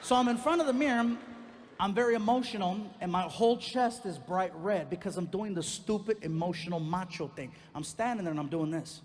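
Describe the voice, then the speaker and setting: A male stand-up comedian telling a long personal story on stage, animated and acting out the other voices. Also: high voice, brisk. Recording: live hall recording with long reverb.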